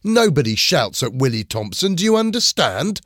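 A man voicing a cruel, mocking schoolboy bully who talks loudly and taunts. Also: on the high side, very animated, takes it slowly, no echo, clean studio sound, pitched above the performer's own voice, full character voice. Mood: threatening. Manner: taunting, loud.

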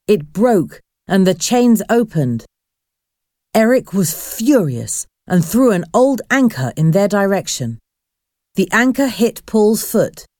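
A woman narrating a storybook in a slow, expressive reading voice. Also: medium pitch, dry recording, studio quality.

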